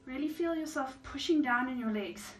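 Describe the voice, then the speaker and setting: A woman's voice: high voice, normal speed. A woman teaching a yoga class and calling out breathing and squat cues while doing the moves herself, a little out of breath. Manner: calm counting cues while exercising. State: slightly out of breath. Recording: echoey room, mic far off, faint hiss.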